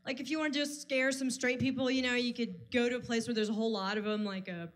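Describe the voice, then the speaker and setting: A woman's voice: a little high, fairly even intonation, fast. A woman hosting a live stand-up show, teasing the crowd with playful banter before bringing up the next comic. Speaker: comedy show host. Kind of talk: stand-up comedy emcee. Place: live comedy stage.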